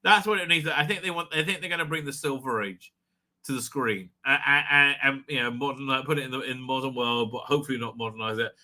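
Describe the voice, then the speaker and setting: Sharp-voiced excitable man hosting a livestream. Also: mid-range voice, quick pace. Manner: rambling, excitable, profane; laughs often. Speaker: livestream host. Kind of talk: casual live chat.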